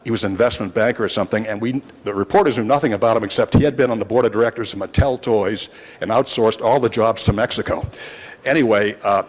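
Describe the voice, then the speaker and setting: He talks fast in a fairly low voice, and a long reverb tail hangs after his words. The speaker is a longtime reporter in his sixties, recounting wry, digressive anecdotes to a city council in a large chamber with frequent restarts.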